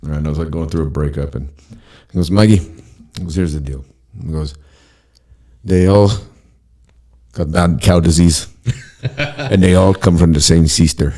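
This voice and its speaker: A man's voice: sits low, moderate pace, pauses often, darkish tone. A man hosting a podcast, telling rambling, profane stories in casual chat and laughing often. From Pacific Northwest of the US. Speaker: podcast host.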